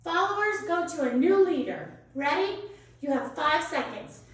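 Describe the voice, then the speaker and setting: A woman teaching children a dance lesson, calling out steps and counting in an encouraging, bright way. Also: high voice, animated, measured pace. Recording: echoey room from a distance.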